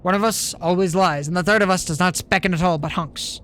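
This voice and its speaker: A man's voice: sits high, fairly quick, a bit bright, slight background noise. A man voicing a sly male talking tree in a video game, speaking in mock-archaic old English. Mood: scheming.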